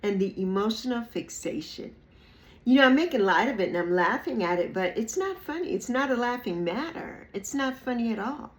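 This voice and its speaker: A woman's voice: fairly high pitch, lively intonation, normal speed. A woman in her early sixties talking to her viewers, emphatic and repetitive, sometimes mocking people in playful put-on voices. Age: 60s. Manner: emphatic, repeats phrases, mocks others in playful put-on voices. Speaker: YouTube creator. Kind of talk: reflective monologue to camera.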